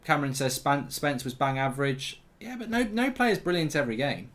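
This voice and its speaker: A man's voice: a little high, lively intonation, brisk, a bit bright. A man hosting a live football watchalong, chatting and answering viewer questions. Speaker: host.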